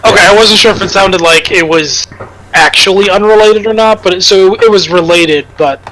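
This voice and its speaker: A man's voice: high-pitched, normal speed, sharp tone, a little hiss or hum, low-quality recording. A man playing a tabletop game, asking hesitant questions with restarts. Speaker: player. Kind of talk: casual tabletop play.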